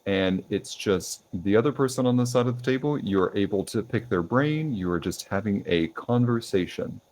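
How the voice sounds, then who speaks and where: A young man hosting a podcast, asking questions in a relaxed way with many ums and uhs. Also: lowish voice, moderate pace. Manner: relaxed, lots of fillers like um and uh. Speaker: podcast host. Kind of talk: casual interview questions.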